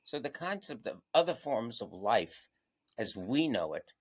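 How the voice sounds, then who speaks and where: A man chatting as a guest on a local TV talk show, telling anecdotes with lively energy. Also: medium pitch, unhurried, slightly rough. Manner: animated anecdotal storyteller. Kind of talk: casual chat, storytelling. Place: local TV studio.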